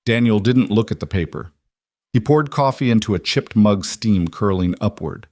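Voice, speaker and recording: Low-voiced man narrating a drama. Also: animated, a little mellow, no echo. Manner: measured, dramatic storytelling delivery. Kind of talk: scripted narration.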